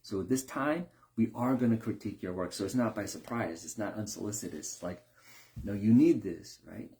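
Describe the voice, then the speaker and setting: A man talking casually in a reflective monologue, with many fillers and restarts, briefly acting out other people in a higher voice. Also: fairly quick, darkish tone. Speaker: speaker sharing reflections.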